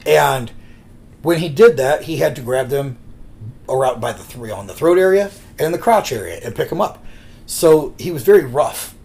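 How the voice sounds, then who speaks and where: A man's voice: medium pitch, expressive, moderate pace, gravelly, darkish tone. A man co-hosting a podcast who tells rambling anecdotes in casual chat and acts out the quotes. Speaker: podcast co-host.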